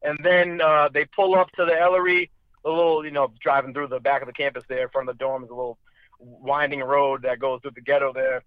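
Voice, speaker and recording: A man's voice: medium pitch, little pitch movement, brisk, smooth, dry recording. A young man casually telling a long, profane, rambling story, slipping into voices for quoted people. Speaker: storyteller guest. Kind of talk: casual chat. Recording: dull lo-fi dry sound.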